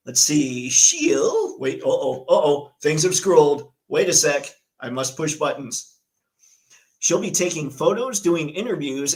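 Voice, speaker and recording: A man hosting a casual live stream, chatty and excitable, reading viewer comments and news aloud. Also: on the high side, poor audio. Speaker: livestream host.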